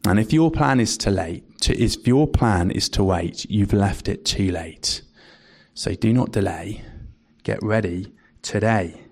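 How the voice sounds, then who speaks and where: A man's voice: on the low side, measured pace, gravelly, darkish tone. A young man preaching a sermon in a conversational, anecdotal way, with frequent fillers.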